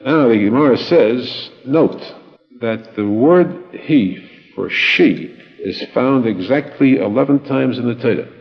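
Man giving a slow Torah lecture. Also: mid-range voice, creaky. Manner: deliberate, repeats phrases for emphasis, with Hebrew and Yiddish terms. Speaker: rabbi teaching Torah. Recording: dull lo-fi recording with long reverb and faint music.

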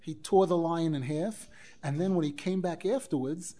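A man teaching a Torah class as a rabbi, animated, acting out quoted dialogue and weaving in Hebrew phrases. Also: a little high, normal speed. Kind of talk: Torah lecture.

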